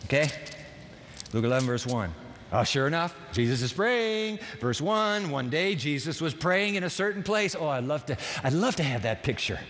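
A male pastor preaching through a Bible passage, telling it as a lively story with asides to the congregation. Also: a little high, normal speed. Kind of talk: sermon. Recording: long hall reverb.

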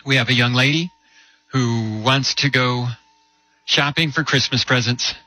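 A man delivers a sermon in a bright, forward voice at an ordinary pitch. He tells a story and keeps asking rhetorical questions, slowing and dropping low on the heavy points. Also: no echo, poor audio. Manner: storytelling with rhetorical questions and slow emphatic drops. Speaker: preacher.

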